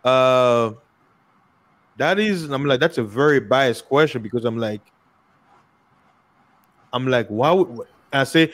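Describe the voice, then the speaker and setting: A man's voice: mid-range voice, expressive, slow pace, long pauses. Congolese guy chatting on a podcast, mid voice, repeats himself a lot, acts out the back-and-forth in his stories. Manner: repeats words often and tells stories by acting out both sides of a dialogue. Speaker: guest in a podcast conversation. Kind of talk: casual discussion.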